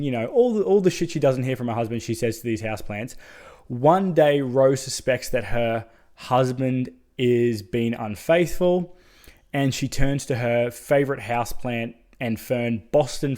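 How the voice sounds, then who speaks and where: Man, mid-pitch, casual horror reviewer, keen and profane, talks straight to camera. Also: a little mellow. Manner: enthusiastic, swears freely, chatty asides. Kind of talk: casual spoken film review.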